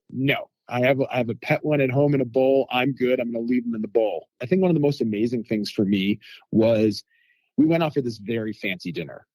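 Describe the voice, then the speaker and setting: A man telling lively food anecdotes as a guest in a casual interview, acting out quotes from people he met. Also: mid-range voice, no echo. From United States. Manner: animated anecdotes with quoted voices.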